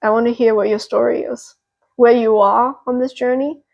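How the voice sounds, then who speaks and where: A young woman hosting a pick-a-card tarot reading, talking gently and reassuringly with a therapeutic tone and many fillers. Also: a little high, fairly even intonation, moderate pace, vocal fry, muffled recording. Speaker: tarot reader and channel host.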